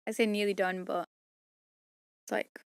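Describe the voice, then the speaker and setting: A woman's voice: mid-range voice, flat delivery, a little slow, gravelly, clean tone, no echo. A tired woman chatting casually to herself while recording an audiobook at home, rambling and joking between takes. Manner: tired, rambling, self-mocking. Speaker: audiobook reader recording outtakes. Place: home room.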